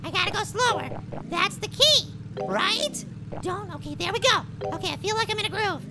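A man voicing a tiny, excitable male cartoon apple who plays a mobile game, with frustrated outbursts and silly alliterative exclamations. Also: very high-pitched, normal speed, heavy background noise. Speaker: let's play gamer. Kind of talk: cartoon character game commentary. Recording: loud music under the voice.

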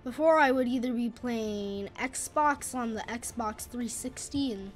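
A young woman commentating her own gameplay in a casual, chatty, self-deprecating way on a boom arm mic, with sudden loud exclamations. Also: takes it slowly, soft background music. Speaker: gaming channel host. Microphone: boom arm studio mic.

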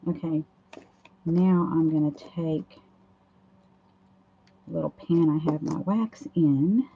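Hoarse woman, gravelly, dull audio. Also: low voice, fairly even intonation, slow pace, a little hiss or hum. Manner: chatty, talks through each step while working. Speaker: craft livestream host. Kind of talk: casual livestream demonstration. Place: home craft table.

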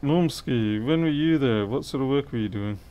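Over lo-fi audio, a middle-aged man speaks at a moderate pace in a mid-range voice. He rambles and thinks out loud while fixing something on a livestream, responding to chat in a relaxed way.

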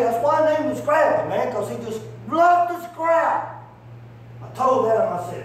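A man's voice: extremely high pitch, sing-song, normal speed. Man, evangelist, folksy rambling storyteller, distant mic, faint background hum. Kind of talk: sermon with storytelling. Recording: echoey hall from far off, faint hum.

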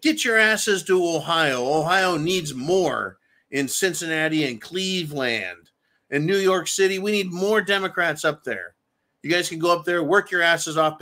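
This male host has a somewhat high, sharp-toned voice. Reading out viewer comments, he delivers an angry, crude political rant laced with nonstop profanity.

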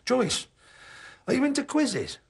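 A man's voice: extremely high pitch, huge pitch swings, takes it slowly, creaky, husky. A man hosting a television game show, chatting with contestants in a jokey way and laughing at his own puns. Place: TV studio with a live audience.

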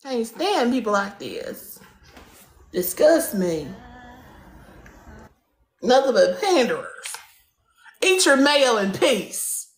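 A woman's voice: a little high, sing-song, slow, long pauses, echoey room. A woman hosting a livestream, talking in a profane, insulting, theatrical rant. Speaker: livestream host.

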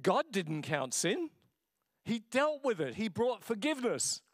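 Passionate pastor preaching. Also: male voice, high voice, sing-song, measured pace, no room sound, clean studio sound. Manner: passionate, conversational preaching with laughter. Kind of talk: sermon. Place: church.

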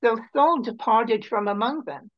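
A woman reading scripture aloud in a steady, measured way. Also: a little high, lo-fi sound. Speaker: scripture reader.

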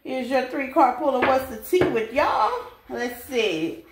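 This tarot reader's high-pitched voice is animated yet unhurried as she chats casually with viewers, laughing often and calling them babies. An echoey room adds faint noise.

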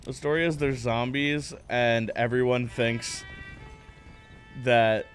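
A man's voice: medium pitch, fairly even intonation, slow, faint music behind. A man streaming a video game, joking playfully and blurting mock gunshot sounds. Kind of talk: gameplay commentary.

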